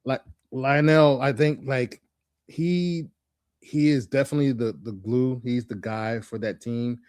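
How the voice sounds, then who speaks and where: A man co-hosts a casual sports talk show, giving his opinions in halting bursts full of restarts. His voice sits at a middle pitch. The sound is close and dry. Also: steady tone, a little mellow, no room sound. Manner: halting, many restarts and "you know"s. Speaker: podcast co-host.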